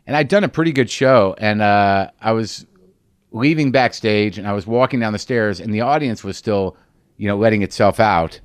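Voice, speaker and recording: A man's voice: lowish voice, normal speed, clear, resonant tone, dry recording. Candid, rambling middle-aged man. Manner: rambling, candid, profane, self-mocking. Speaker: podcast host. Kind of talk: monologue storytelling.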